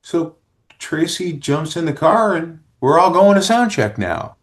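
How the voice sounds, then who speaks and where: A rock singer in a casual interview tells stories at a measured pace, his voice fairly high. He is an animated storyteller who acts out what other people said.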